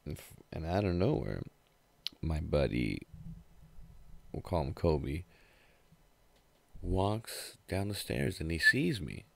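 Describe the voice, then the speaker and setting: A man's voice: low voice, sing-song, slow, creaky, pauses often, fairly bright tone, no echo. A young man telling a casual, rambling story with heavy swearing and a laid-back way of talking.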